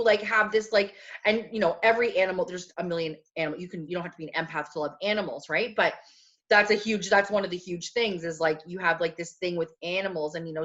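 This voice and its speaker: A woman co-hosting a podcast, chatting casually and telling animated stories about her life. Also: on the low side, muffled recording. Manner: chatty, animated storytelling with acted quotes. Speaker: podcast co-host. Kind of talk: casual chat.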